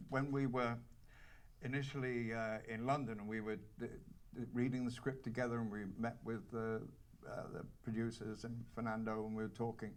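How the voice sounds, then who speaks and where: A man from North Wales with a North Welsh accent, an actor telling anecdotes at a cinema Q&A in a halting, wry way full of restarts. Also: medium pitch. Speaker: actor at a screening Q&A. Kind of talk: casual anecdotal panel talk. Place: cinema auditorium with audience.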